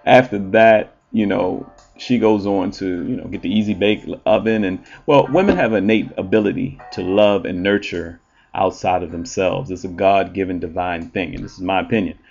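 A man who works as an entertainer and relationship show host, talking in a blunt, profane, animated monologue with frequent ums. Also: low voice, normal speed, gravelly, muffled recording. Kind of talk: casual monologue.

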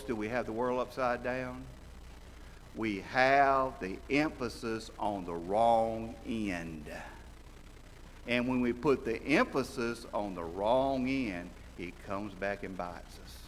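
A man from central Alabama, preaching a sermon, swinging between loud exclaiming and low quiet asides. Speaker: visiting preacher. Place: church sanctuary. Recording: church hall reverb with faint noise.

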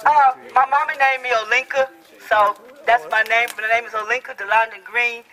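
A man's voice: very high-pitched, fairly even intonation, moderate pace, bright, forceful tone, poor audio. A man giving a fiery rally speech, telling stories from the podium at an outdoor protest. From Dallas, Texas. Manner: fiery, storytelling. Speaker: rally speaker.

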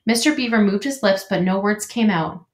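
A woman teacher reading a storybook aloud to her class with clear, steady storytelling, in an echoey room. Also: medium pitch, moderate pace.

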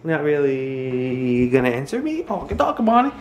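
A woman's voice: very deep voice, big pitch swings, normal speed, darkish tone. A young woman casually vlogging to her viewers, chatting directly to them and slipping into playful baby talk with her toddler. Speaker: family vlogger. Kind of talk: casual vlog chat to camera.

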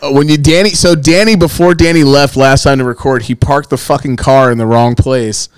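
A man co-hosting a casual podcast, telling animated, profanity-laced stories. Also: medium pitch, fairly quick, clear, resonant tone, dry recording. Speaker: podcast co-host.

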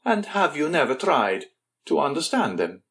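A man's voice: on the high side, big pitch swings, normal speed, a bit bright. A man reading an audiobook, voicing a suave count who questions and tempts a clerk with pointed questions. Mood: curious.

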